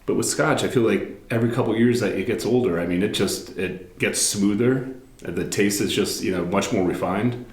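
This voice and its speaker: A man in his late thirties, a business owner and podcast guest, chatting in a relaxed and agreeable way. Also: on the low side, moderate pace. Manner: relaxed, agreeable, says "you know" and "like" often. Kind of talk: casual chat. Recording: echoey room.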